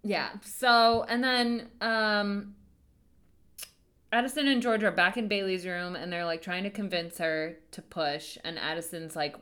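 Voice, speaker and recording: A woman's voice: fairly low pitch, steady tone, measured pace, a bit bright. A woman co-hosting a podcast, chatting casually and animatedly as she recaps a TV episode, acting out the scenes and swearing freely. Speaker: podcast co-host.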